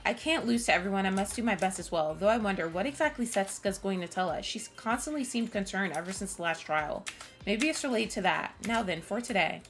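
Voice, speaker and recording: A woman's voice: mid-range voice, expressive, brisk, over music. A woman streamer reading a visual novel aloud, cutting in with blunt, swearing asides.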